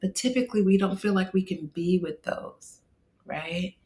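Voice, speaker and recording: A middle-aged woman hosting a casual instructional talk as a meditation teacher, candid and conversational, dropping to a hush on soft asides. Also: fairly low pitch, normal speed. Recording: echoey room.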